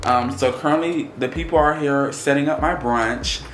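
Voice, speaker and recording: A young man in his twenties, hoarse from losing his voice, chatting excitedly to viewers in a casual vlog. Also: on the high side, moderate pace, roomy sound, a little hiss or hum. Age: 20s. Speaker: vlogger.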